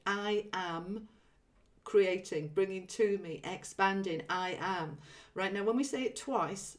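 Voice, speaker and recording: A woman hosting a relaxed spiritual livestream, talking in an easy, chatty way with plenty of ums. Her voice sits at a middling pitch and sounds a little distant from the microphone. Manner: relaxed, chatty, many ums, reads viewer comments aloud. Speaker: livestream host. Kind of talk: casual spiritual livestream chat.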